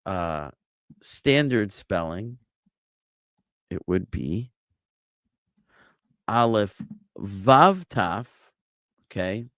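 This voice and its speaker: A man's voice: fairly low pitch, sing-song, drawn-out words, pauses often, a bit bright, dry recording, studio quality. A man teaching Biblical Hebrew grammar to a class, patiently drilling word forms and quizzing his students with questions.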